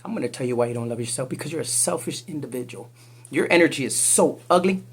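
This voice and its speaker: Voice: mid-range voice, animated, fast talker, slight background noise. A psychic reader doing a casual spiritual reading vlog, talking in a profane, confrontational and rambling way.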